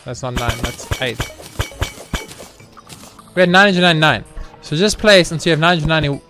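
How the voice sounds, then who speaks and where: A young let's play host speaks a little fast in a slightly high, pushed, bright voice with lively intonation. He runs casual, sarcastic, mock-boastful commentary on his game, cursing freely over background game music.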